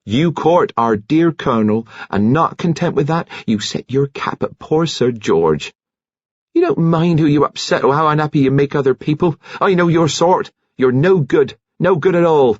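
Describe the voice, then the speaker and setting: Brief: a man putting on a prim, prissy nurse lady, shrill and scolding, husky edge, dull lo-fi read. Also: lively intonation, normal speed, no room sound. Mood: indignant. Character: indignant prim middle-aged nurse woman.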